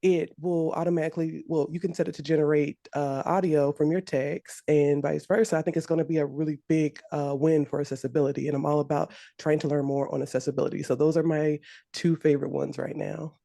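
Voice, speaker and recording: A woman developer and instructor introducing herself on a video call panel, who has lost her voice and speaks low, in a chatty, enthusiastic way. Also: level tone, brisk, vocal fry, warm tone, dry recording, studio quality.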